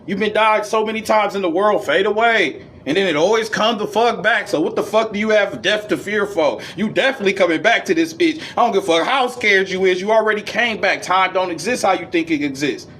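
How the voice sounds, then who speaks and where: Man, fairly high voice, casual lecture, profane slang, reads then riffs, faint background hiss. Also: fairly quick, few pauses. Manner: animated, jumps between high and low registers. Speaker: esoteric lecturer.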